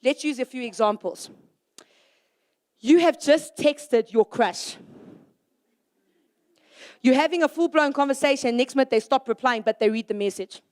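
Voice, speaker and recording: The speaker is a young adult woman whose high voice carries an energetic, conversational sermon for youth. She keeps asking the audience rhetorical questions and now and then plays out quick scenes.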